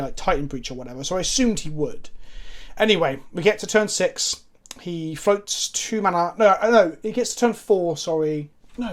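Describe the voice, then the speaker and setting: A man chatting casually during a card game, rambling through anecdotes with swearing and self-mockery. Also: high voice. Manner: rambling, swears, self-mocking, frequent restarts. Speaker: card game player and co-host. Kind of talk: casual gameplay chat with anecdotes.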